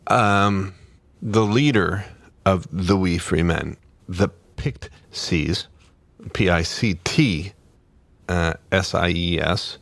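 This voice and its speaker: A man's voice: deep voice, takes it slowly, creaky, no echo. A man co-hosting a book club podcast, chatting unhurriedly with fillers and reading aloud. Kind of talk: casual chat and reading aloud.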